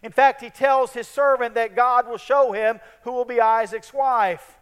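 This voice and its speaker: A man preaching a sermon in an earnest tone, his voice dropping soft at the ends of phrases. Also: very high-pitched, fairly even intonation, a little slow, clear, resonant tone, big-room sound.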